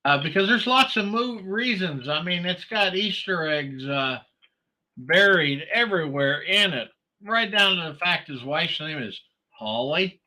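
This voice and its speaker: A man's voice: sits high, expressive, measured pace, bright, forceful tone. A man hosting a casual morning livestream, chatting with viewers in a rambling way, full of fillers and restarts. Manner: greets commenters by name. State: sleepy, yawning. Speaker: livestream host.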